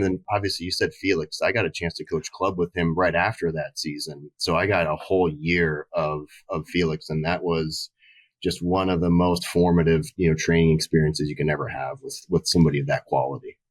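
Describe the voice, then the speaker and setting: A man with a low voice tells coaching stories in a relaxed, conversational way. He fills his talk with "you know" and breaks into lively impressions when quoting others. The sound is dry and close. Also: a little fast, dry recording. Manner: animated, acts out quoted voices, frequent "you know". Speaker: head volleyball coach, guest. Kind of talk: casual conversational storytelling.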